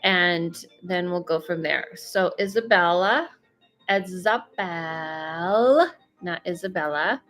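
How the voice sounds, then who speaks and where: A woman's voice: medium pitch, a bit bright. Chatty woman hosting a psychic livestream. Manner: chatty, upbeat, frequent "um" fillers and laughs. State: slightly congested from allergies. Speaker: livestream psychic medium host. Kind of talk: casual live-stream chat reading viewer comments. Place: home, Los Angeles. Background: faint music.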